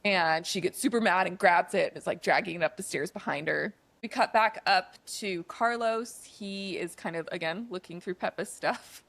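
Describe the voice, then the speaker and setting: A woman's voice: lowish voice, moderate pace, vocal fry, hardly any pauses, a bit bright, no echo. A woman co-hosting a podcast, casually retelling a movie's plot in a chatty way, with lots of "like" and "um" fillers. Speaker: podcast co-host.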